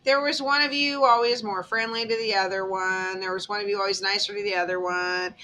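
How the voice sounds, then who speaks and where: A woman's voice: medium pitch, fairly even intonation, fairly quick, sharp tone, a little hiss or hum. A woman giving a casual tarot reading, telling it as a dramatic story and checking in with "okay?" along the way. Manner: chatty, dramatic storytelling, tag questions like "okay?". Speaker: tarot reader.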